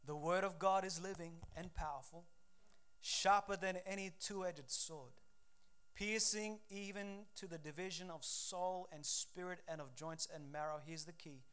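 A man's voice: high voice, unhurried, fairly bright tone, clean tone. A man preaching a sermon as pastor, reading scripture and building to fervent exhortation. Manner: preaching with rising intensity, quoting scripture.

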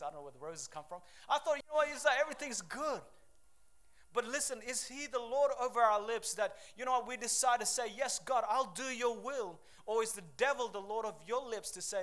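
High-pitched guy preaching, fired up, lots of come on and amen. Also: moderate pace. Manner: energetic call-and-response preaching with Bible readings. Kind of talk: sermon.

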